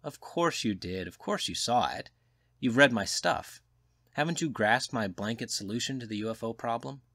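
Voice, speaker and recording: A man's voice: medium pitch, lively intonation, normal speed, fairly bright tone, no room sound. A man voicing a worldly, cynical male journalist who lectures in a knowing, slightly raised voice, in an audiobook reading. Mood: wry lecturing. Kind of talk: audiobook character voice.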